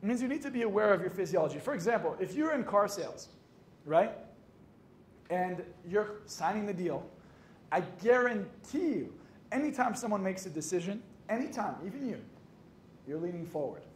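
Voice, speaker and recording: A man's voice: high voice, lively intonation, moderate pace. A young man, a hypnotist and coach, giving a motivational talk, swearing casually and acting out his own stories. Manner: swearing, jokey, acts out dialogue. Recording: echoey room with faint noise.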